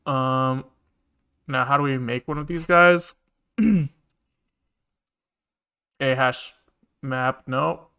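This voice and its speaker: A man's voice: medium pitch, drawn-out words, gravelly, pauses often, pushed and bright, clear, resonant tone. A man live-streaming his programming, thinking aloud and muttering to himself with casual swearing, keyboard clicks behind him. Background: keyboard typing and clicking.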